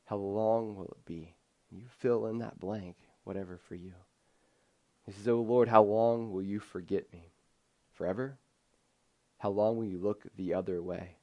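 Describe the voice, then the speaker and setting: A man's voice: lowish voice, fairly even intonation, moderate pace, pauses often, dull audio. A man in his thirties preaching an earnest, conversational sermon, often restarting his sentences. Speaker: pastor.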